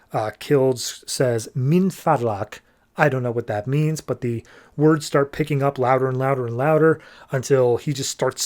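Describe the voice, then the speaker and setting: A man's voice: medium pitch, darkish tone. A man hosting a comic book podcast, loosely retelling a story in casual chat and paraphrasing the characters' dialogue with lots of "like".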